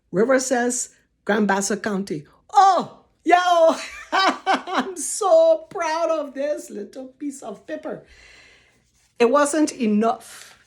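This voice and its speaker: A woman in her sixties with a Liberian English accent, telling stories to camera from her home office and laughing often. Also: on the high side. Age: 60s. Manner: laughs often, warm and expressive. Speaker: vlogger. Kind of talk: casual storytelling to camera.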